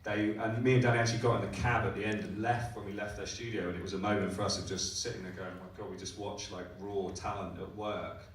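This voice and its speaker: A male director fields festival audience questions after a screening, meandering and restarting a lot as his excitement builds. He talks quickly with few pauses in a lowish, flat voice, picked up by a distant mic in an echoey hall with faint noise.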